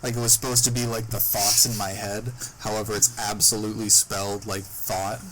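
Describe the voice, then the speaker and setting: A man's voice: on the low side, flat delivery, brisk, fairly bright tone, a little hiss or hum, poor audio. A young man casually recounting a story on a podcast, reading from his notes as he goes. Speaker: podcast host.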